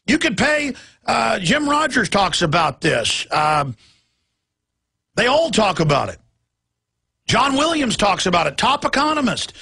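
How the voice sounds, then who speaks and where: Gravelly, bright-voiced ranting man. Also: very high-pitched. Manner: heated, repetitive, ranting, at times yelling. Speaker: talk show host. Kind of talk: political talk show rant.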